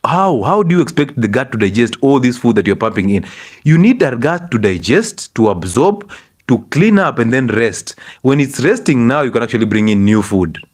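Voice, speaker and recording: A middle-aged Kenyan man speaking English, lecturing an audience on health like a doctor. He scolds with pointed rhetorical questions and talks in an animated way. His voice sits at an ordinary male pitch. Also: normal speed. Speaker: doctor giving a health talk.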